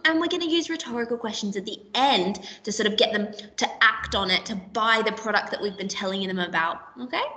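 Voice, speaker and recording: A woman teaching a recorded literacy lesson to young pupils, her voice bright and fairly high. She explains patiently and step by step, trying on lively example voices as she goes. The sound is roomy and echoey, as if the mic sits a little way off. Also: distant mic. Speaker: primary school teacher. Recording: echoey room, voice a bit off-mic.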